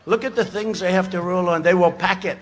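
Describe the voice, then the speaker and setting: Talking quickly in a high voice with fairly even intonation, a politician mocks and boasts at a podium mic, drifting into rambling asides. Behind him, a large outdoor rally crowd cheers loudly.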